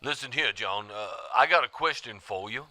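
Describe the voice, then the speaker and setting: A man playing a gruff, conspiratorial caller on a radio talk show. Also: mid-range voice, expressive, moderate pace, bright, forceful tone.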